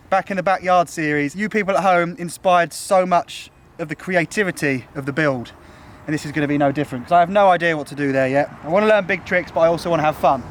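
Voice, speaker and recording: A man's voice: on the high side, fairly bright tone, slight background noise. A young man vlogging outdoors, chatty and enthusiastic, out of breath. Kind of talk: casual vlog walkthrough. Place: outdoors at a building site.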